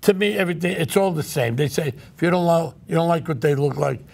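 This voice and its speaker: A man's voice: a little high, quick pace, gravelly, darkish tone. A man hosting a casual talk show, brash and joking as he tells stories. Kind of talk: casual chat.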